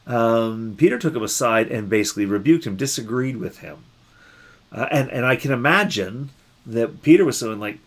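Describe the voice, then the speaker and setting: A man, a pastor, giving a daily Bible reflection in an unhurried, musing way, often restarting and repeating words as he thinks. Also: medium pitch, lively intonation.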